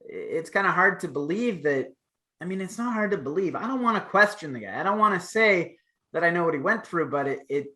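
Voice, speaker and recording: Thirtysomething guy, bright voice, rambly casual wrestling chat, lots of uh and like. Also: high voice, animated, fairly quick. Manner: rambling, hedging with fillers. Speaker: podcast co-host.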